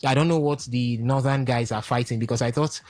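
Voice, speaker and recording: A man's voice: mid-range voice, fairly even intonation, brisk, darkish tone, no echo. A man co-hosting a radio sports talk show, opinionated and full of ums as he argues his points. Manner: opinionated, hesitant with many ums.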